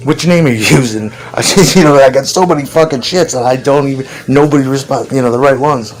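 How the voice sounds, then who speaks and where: Man, mid pitch, rambling profane monologue, laughs a lot, faint traffic hum behind. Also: fairly quick, poor audio. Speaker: vlogger.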